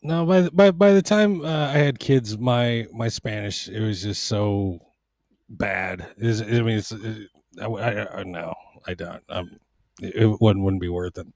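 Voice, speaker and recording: A man's voice: lowish voice, a little mellow, no echo. Guy from panama stumbling thru a chill chat, repeats himself a lot, dry close mic. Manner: halting, repeats words and restarts often. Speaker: podcast guest. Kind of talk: casual chat.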